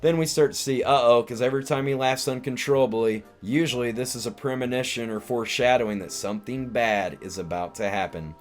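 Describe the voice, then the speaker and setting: A man's voice: mid-range voice, steady tone, a little fast, few pauses, soft background music. A man hosting a live stream, casually recapping a film in a rambling way with lots of restarts and filler words. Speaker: live-stream host, comedian.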